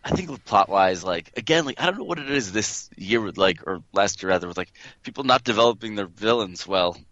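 A man's voice: fairly low pitch, lively intonation, a little fast, a bit bright, no room sound. A man co-hosting a casual gaming podcast, hesitant, often trailing off and restarting his sentences. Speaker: podcast co-host. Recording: dull lo-fi dry sound.

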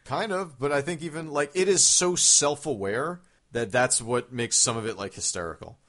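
A man's voice: mid-range voice, moderate pace, fairly bright tone. Rambling young-sounding man chatting about games. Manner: rambling, lots of fillers and swearing, laughs at his own stories. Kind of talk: casual gaming chat.

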